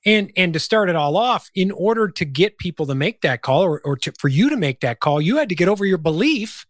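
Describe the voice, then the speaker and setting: Dry, lively-toned male host. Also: sits high, brisk, no echo. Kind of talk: casual interview chat.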